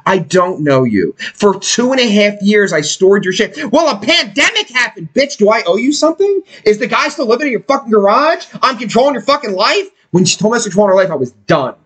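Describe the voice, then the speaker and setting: Animated, profane man telling a story. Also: high voice, brisk, hardly any pauses. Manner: animated, swearing, puts on voices for people he quotes. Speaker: podcast host.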